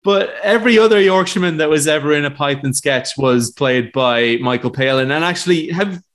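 Guy on a film podcast, slightly high voice, dry wry delivery. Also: brisk, a bit bright. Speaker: podcast co-host. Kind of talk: casual film review chat.

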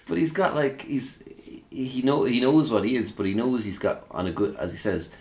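Man, very deep voice, laughs a lot, casual chat. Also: moderate pace. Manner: laughs often, acts out quotes.

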